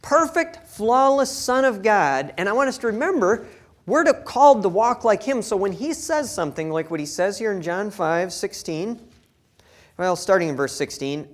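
A man's voice: high voice, sing-song, moderate pace. Male pastor, sermon delivery: folksy, emphatic, reads scripture and talks straight to the congregation.

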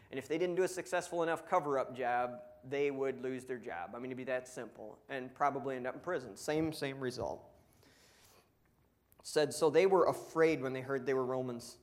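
A young man preaching a sermon, telling stories in an animated way and acting out the people he quotes. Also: medium pitch. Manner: animated storytelling, acts out quotes. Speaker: pastor.

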